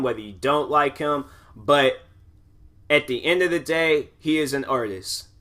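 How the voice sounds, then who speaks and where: A man's voice: medium pitch, pushed and bright. A young man hosting a podcast who talks in a rambling, casual way, full of fillers and restarts. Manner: rambling, filler-heavy talk with many restarts. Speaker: podcast host. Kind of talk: casual monologue.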